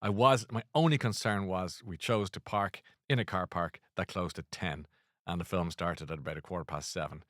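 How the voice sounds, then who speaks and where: A man's voice: sits low, moderate pace, a bit bright, dry recording, studio quality. A man hosting a casual chat show, rambling and self-deprecating with lots of restarts. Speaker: host.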